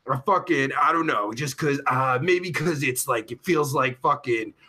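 A man hosting a live stream in crude, rowdy casual chat, shouting greetings to his viewers and sounding tired. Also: mid-range voice, measured pace.

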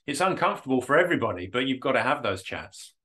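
A man's voice: medium pitch, sing-song, quick pace, pushed and bright. A man hosting a podcast interview, speaking in a reflective, agreeable way and often chiming in to agree. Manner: reflective, agreeable, many backchannels. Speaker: podcast host. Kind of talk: casual interview chat.

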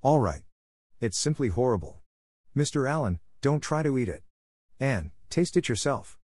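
A man's voice: medium pitch, sing-song, normal speed, darkish tone, dry recording, voice pushed up. A man reading aloud and voicing a stern, dry older woman guardian who speaks curtly and sniffs at nonsense. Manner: curt and sniffing.

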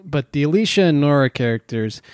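A man's voice: on the high side, animated, a little fast, darkish tone, dry recording, clean studio sound. A man co-hosting a casual review chat about a TV series, talking in a skeptical, hesitant way with many restarts. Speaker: podcast co-host reviewing a TV series.

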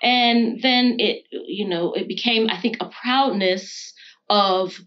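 An American woman talking things through at a measured, reflective pace, often reaching for fillers as she thinks. Her voice sits at a middle pitch, and the recording sounds slightly dull and muffled. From United States. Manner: thoughtful, frequent fillers like "you know" and "um". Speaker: guest. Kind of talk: casual conversation.

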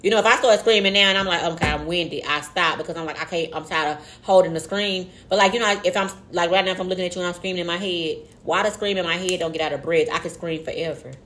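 A woman's voice: on the low side, quick pace, few pauses, fairly bright tone, slight background noise. A woman co-hosting a podcast in casual, candid chat, joking and heavy on slang. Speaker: podcast co-host.

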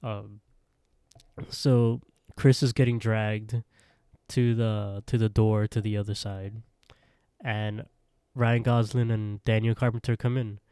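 A man's voice: lowish voice, level tone, slow pace, warm tone, clear, resonant tone, no echo, clean studio sound. A man co-hosting a podcast, casually recapping an episode in a rambling way. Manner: rambling retelling with quoted voices and laughs. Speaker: podcast co-host.

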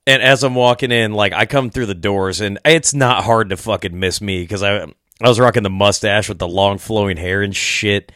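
A man's voice: lowish voice, moderate pace, fairly bright tone, dry recording, clean studio sound. A young man hosting a casual podcast chat, telling stories with lots of swearing and laughter. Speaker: podcast host.

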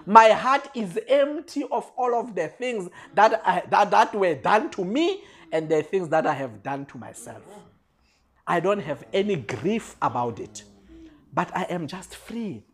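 A preacher delivering a sermon, repeating refrains and swinging from quiet lines to shouted peaks. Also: medium pitch, big pitch swings, unhurried, breathy edge.

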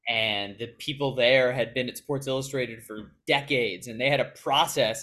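A young man, a guest in an interview, answering earnestly and reflectively about his path in sports media. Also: mid-range voice. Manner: earnest, reflective, quick storytelling. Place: Chicago.

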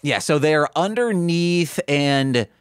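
A man's voice: a little high, animated, takes it slowly, clear, resonant tone, dry recording. Man, podcast co-host, casual chat, jokey, dry sound. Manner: jokey, riffing ideas.

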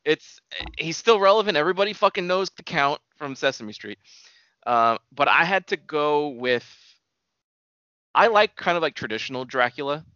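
A man's voice: a little high, lively intonation, normal speed, pushed and bright, smooth, no echo, muffled recording. A man co-hosting a podcast, chatting casually about movies in a rambling way and laughing often. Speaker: podcast co-host.

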